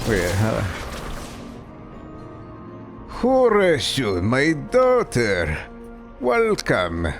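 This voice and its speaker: A man voicing a boisterous middle-aged Russian father with a thick put-on Russian accent, drawn-out and theatrical. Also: fairly high pitch, voice pushed up, heavily acted.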